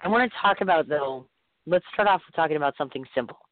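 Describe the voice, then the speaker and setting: A man with a cold and a hoarse voice, hosting a talk-radio interview in a chatty, excitable way. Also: on the high side, fast talker, no room sound. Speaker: radio show host. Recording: tinny dry phone line.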